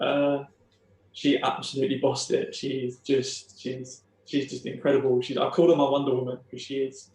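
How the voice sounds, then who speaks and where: A young man tells a deeply personal story, his voice quiet and flat in tone. He stumbles and restarts often as he speaks. The room around him sounds noticeably echoey. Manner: halting, emotional retelling with many restarts. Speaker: podcast guest.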